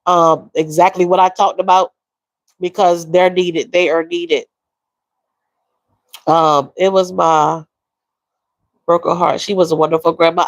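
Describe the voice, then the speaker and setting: A woman hosting a livestream, talking emotionally and softly with viewers, reading their comments and calling them y'all. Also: lowish voice, little pitch movement, measured pace, long pauses, no echo, poor audio. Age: adult with a young daughter. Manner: emotional, soft-spoken, repeats phrases, addresses viewers as y'all and baby. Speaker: livestream host.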